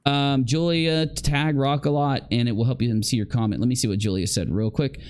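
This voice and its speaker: A man's voice: mid-range voice, normal speed, darkish tone, clean tone. A man giving casual livestream commentary, chatting straight to his viewers and acting out the reactions of the people in the clips.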